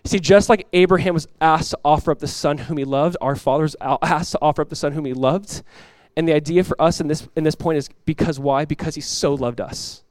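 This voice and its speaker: In a church, a male pastor preaches an animated sermon, switching between quick asides and acted-out voices from the story, and he laughs along the way. His voice is a little high for a man. The recording is dry and close, with little room sound and no echo.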